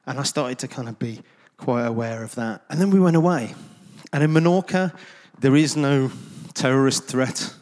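A man of middle pitch talks to a gathered crowd in an easy, rambling way, with ums and wry asides at his own expense. His voice rings out with the long reverb of a large hall. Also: moderate pace, darkish tone. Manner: rambling and conversational, with many ums and self-deprecating asides. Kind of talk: informal anecdotal talk to a gathered audience.

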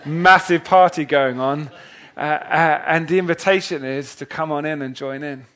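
A man preaching to a congregation with a somewhat high voice. He tells a parable dramatically, dropping to a hush and then rising loud. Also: normal speed. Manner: dramatic, swings from hushed to loud. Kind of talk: sermon reading and retelling a parable. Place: church hall with a congregation.

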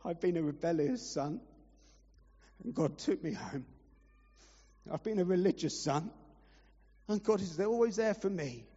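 A man's voice: sits high, animated, a little slow, long pauses, mellow, breathy edge. Earnest male pastor in a church hall. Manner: earnest, pleading, emotional. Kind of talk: sermon. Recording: reverberant church hall, muffled.

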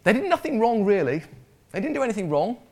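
A man's voice: high-pitched, very animated, fast talker, a little mellow. A man preaching a sermon in a conversational way, often repeating words and putting questions to the congregation.

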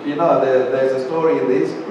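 A man preaching a sermon, slow and emphatic, acting out quotes in a raised voice. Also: medium pitch, fairly even intonation, darkish tone, muffled recording, a little hiss or hum. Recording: echoey hall, mic far off, faint ambience.

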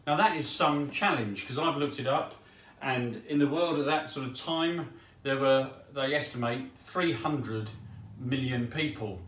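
A man giving a sermon in a relaxed, chatty way with small humorous asides. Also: medium pitch, measured pace. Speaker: preacher. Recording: echoey room heard from a distance.

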